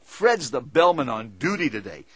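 Storyteller playing a folksy, polite cabbie with a lively, husky voice. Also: male voice, medium pitch, normal speed, no room sound, pitched below the performer's own voice. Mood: friendly. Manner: polite, folksy, keeps saying "Mister Weldon". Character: friendly talkative male cab driver.

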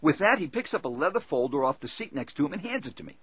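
Man, storyteller, lively and conversational, expressive pitch, dry close sound. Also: quick pace, slightly rough, dry recording. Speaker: seminar speaker. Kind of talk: first-person storytelling talk.

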